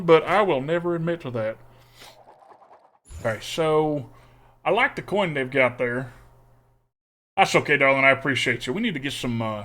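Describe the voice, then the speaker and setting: Streamer, male, put-on Texas drawl, folksy and joking, a touch high-pitched. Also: a bit bright. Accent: put-on exaggerated Texas drawl. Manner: folksy, joking, chats with viewers. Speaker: streamer playing a card game. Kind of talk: casual live-stream commentary.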